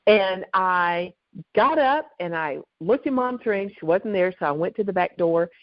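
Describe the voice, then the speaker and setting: Animated woman telling stories in an interview. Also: on the low side, unhurried, no echo. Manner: animated, lively storyteller. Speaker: guest author. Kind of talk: storytelling in an interview. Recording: dull lo-fi dry recording.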